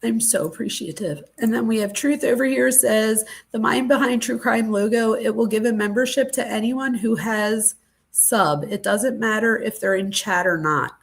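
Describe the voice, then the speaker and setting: A woman's voice: fairly high pitch, moderate pace, gravelly. A woman hosting a true crime livestream, gushing with thanks to her viewers and moved close to tears. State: teary, close to crying. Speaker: true crime channel host. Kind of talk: casual livestream chat.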